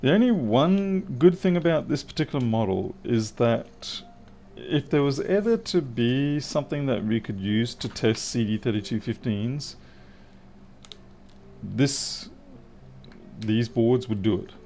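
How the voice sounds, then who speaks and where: A man's voice: medium pitch, expressive, a little slow, mellow, a little hiss or hum. A man hosting a live repair stream, talking casually and wryly to viewers as he works on a device. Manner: wry, chatty, answering viewers' comments. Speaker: livestream repair host. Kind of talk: casual live-stream commentary while working.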